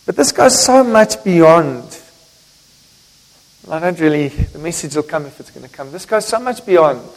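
A middle-aged man, a pastor preaching a candid, emotional sermon. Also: a little high. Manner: candid, emotional, repeats himself. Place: church sanctuary. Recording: long church reverb.

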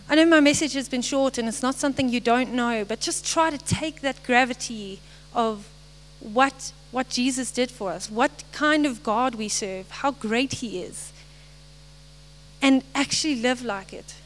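A young woman giving a short, earnest devotional message, halting now and then and apologizing as she goes. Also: on the high side, a little hiss or hum, rough recording. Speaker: lay speaker.

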